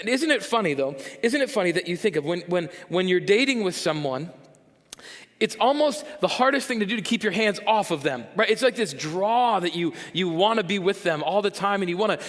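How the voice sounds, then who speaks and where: Animated pastor preaching in a reverberant church. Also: male voice, sits high. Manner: animated, jokey, acts out voices of listeners. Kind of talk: sermon. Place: church sanctuary.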